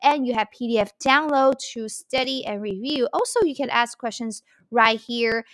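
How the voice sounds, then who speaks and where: High, bright-voiced woman teaching Mandarin. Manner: slow, repeating phrases for learners; mixes English explanation with Mandarin examples. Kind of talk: language lesson explanation.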